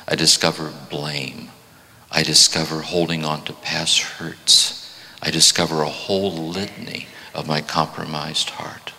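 In a hall with long reverb, a man in his seventies delivers a reflective spiritual talk, repeating phrases often to stress them. His voice is low with a sharp tone.

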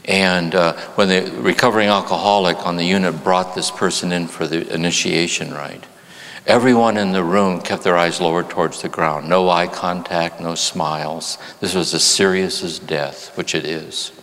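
A therapist and spiritual teacher gives a reflective talk to a live church audience, his low voice fairly even in intonation. He slows and softens on key phrases, and a long hall reverb fills the recording.

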